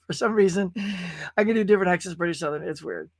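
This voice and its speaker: A man's voice: high-pitched, quick pace, vocal fry, darkish tone, dry recording, clean studio sound. A man from California, host of a casual live-stream show, talking in a rambling, chatty way and reading viewers' comments aloud. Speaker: podcast host.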